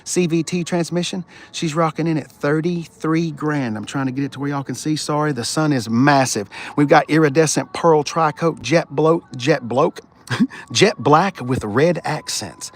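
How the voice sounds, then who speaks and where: A man's voice: on the high side, expressive, normal speed, fairly bright tone. A man hosting a casual live car walkaround on a sunny outdoor dealership lot, rowdy and joking, swearing freely.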